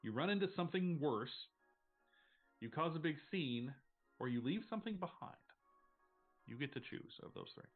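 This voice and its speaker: A man's voice: on the high side, expressive, normal speed, long pauses, narrow, tinny audio, soft background music. A man running a tabletop game as game master, narrating casually, rambling and swearing freely.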